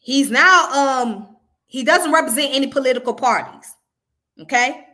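A woman's voice: high-pitched, moderate pace, pushed and bright. A woman with a Southern US accent giving frank, casual commentary as she answers viewer comments, repeating her points for emphasis. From Southern United States.

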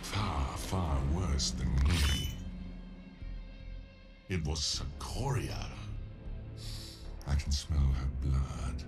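A monstrous demon villain from a game growls in an extremely low, gravelly voice. He speaks very slowly and with cold menace. Loud music plays behind him. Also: full character voice. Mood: menacing. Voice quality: deep gravelly rumble.

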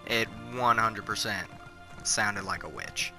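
A man's voice: on the low side, slow pace, poor audio. A man giving casual let's-play commentary, confused and blunt, swearing freely. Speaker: gamer, let's-play host. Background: faint game music.

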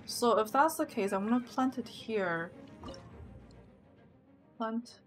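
A young woman with a slightly high voice streams a game from her desk mic. She thinks aloud as she plays and gets loud and excited when things go wrong. Faint game music plays behind her. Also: takes it slowly. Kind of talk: live gameplay commentary.

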